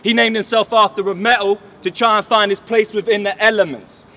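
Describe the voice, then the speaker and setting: A man's voice: sits high, steady tone, a little fast, pushed and bright, a little hiss or hum. A man from England delivering mocking, boastful battle rap punchlines outdoors. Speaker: battle rapper. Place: outdoors at a battle event under a bridge.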